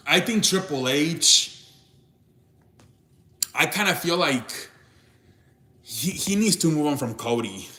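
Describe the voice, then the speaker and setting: A young man talks through a casual live stream, rambling and tripping over his restarts as he answers chat. His voice sits a bit high for a man, and the room around him rings with echo. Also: expressive, takes it slowly, long pauses, pushed and bright. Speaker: live show host. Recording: echoey room.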